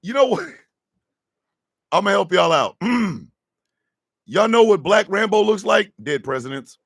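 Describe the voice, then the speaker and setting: Lively gravelly man riffing on radio. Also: high-pitched, takes it slowly, dry recording, studio quality. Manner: loud, laughing, slangy, shouting outbursts. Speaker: radio morning show host. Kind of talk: riffing comedic radio talk. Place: radio studio.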